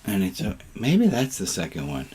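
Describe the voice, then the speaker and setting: A man's voice: fairly low pitch, huge pitch swings, moderate pace, darkish tone, a little hiss or hum. A man leading an online service as rabbi, casual and playful, fond of puns, on a video call.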